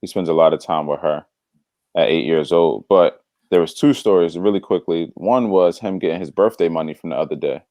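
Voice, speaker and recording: Deep-voiced man telling a story, slangy. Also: fairly quick, no room sound, studio quality. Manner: animated storyteller, acts out quoted voices; slangy, drops "bro". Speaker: devotional podcast co-host. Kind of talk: casual storytelling chat.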